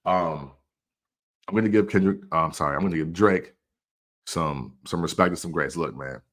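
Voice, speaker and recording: A man in his forties hosting a casual commentary show, laughing often and acting out quick quotes. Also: low-pitched, a bit bright. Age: 40s. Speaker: podcast host.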